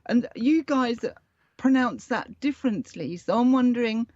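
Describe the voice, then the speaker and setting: A woman's voice: fairly high pitch, lively intonation, unhurried, a little mellow, dry recording, lo-fi sound. A woman from the United Kingdom in casual chat, wryly explaining news to co-hosts. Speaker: co-host.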